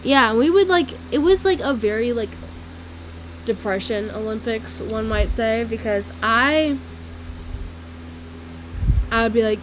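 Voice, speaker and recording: A young woman with a slightly high voice tells stories in a loose, chatty way. She swears freely and leans on "like" as she talks. A faint hum sits under the recording. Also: measured pace, pauses often, rough recording. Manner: chatty, swears freely, heavy use of "like", laughs between lines. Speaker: storyteller. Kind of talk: casual storytelling monologue.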